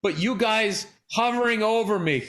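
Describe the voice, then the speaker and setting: A middle-aged man chats on a comedy podcast, his voice pitched high and ringing bright. He tells stories with animated energy and a steady stream of swearing. He sounds close to a studio podcast mic. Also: moderate pace. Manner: animated storytelling, heavy swearing. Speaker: podcast co-host. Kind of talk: casual comedy podcast chat.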